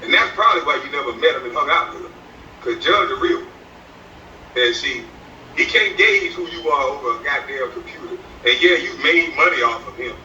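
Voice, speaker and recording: A man's voice: a little high, animated, normal speed, bright, forceful tone, a little hiss or hum. A man vlogging from inside his truck in a casual rant, profane and taunting, laughing between jabs. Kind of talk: casual ranting commentary. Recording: distant, echoey, dull sound.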